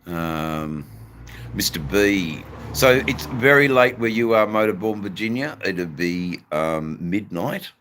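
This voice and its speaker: A man hosting a live stream, chatting casually with viewers in a rambling, halting way. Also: deep voice, expressive, fairly bright tone, slight background noise. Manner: rambling, halting, many ums and restarts.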